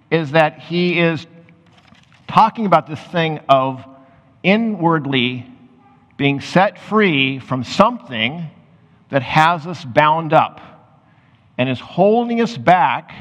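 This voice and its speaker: A pastor preaching a sermon, reading scripture aloud and then explaining it in loose, conversational asides. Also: male voice, a little high, fairly bright tone. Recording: muffled sound with long hall reverb.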